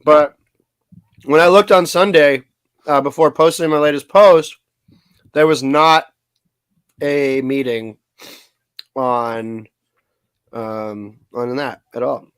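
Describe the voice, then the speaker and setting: A man's voice: mid-range voice, slow, long pauses, clear, resonant tone, dry recording. A man co-hosting a casual talk show about local politics, rambling and trailing off mid-sentence. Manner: rambling, trails off, eats while talking. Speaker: podcast co-host.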